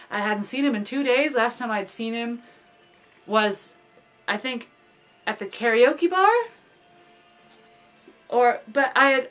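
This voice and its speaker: A woman's voice: a little high, fairly bright tone. A young woman in a casual confessional vlog, rambling and overthinking with lots of fillers like "like". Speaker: vlogger.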